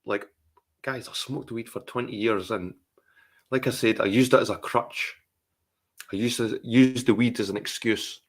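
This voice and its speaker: A man's voice: medium pitch, steady tone, moderate pace. A middle-aged Scottish man in a rambling, sweary, heartfelt casual chat on a live stream.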